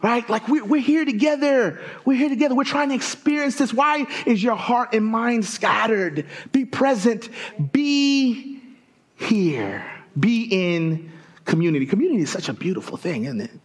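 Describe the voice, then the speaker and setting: A man from Southern Africa delivers a sermon with a notably high voice that leaps even higher when he wants to make a point. He talks to the congregation directly and weaves funny personal stories into the message. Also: moderate pace. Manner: animated, storytelling with jokes to the congregation; lively pitch swings, rising high for emphasis.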